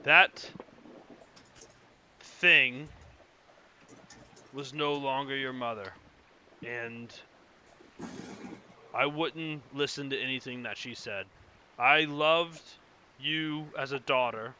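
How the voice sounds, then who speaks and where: A man's voice: medium pitch, takes it slowly, long pauses, bright, forceful tone, a little hiss or hum. A man voicing a grieving widower in a tabletop game, pleading and apologizing through stammers. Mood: grieving, tender.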